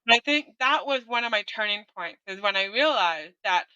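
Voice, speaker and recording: A woman's voice: mid-range voice, expressive, normal speed, pushed and bright, clean tone, no room sound, muffled recording. A middle-aged woman guest candidly telling her own story in conversation, often ending on a tag question. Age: 40s or older.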